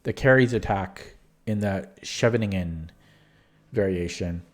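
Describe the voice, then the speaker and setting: A man's voice: deep voice, a little slow. A young man who is losing his voice, talking casually through his own chess tournament games on a live stream. He rambles, stops to correct himself and lets sentences trail off.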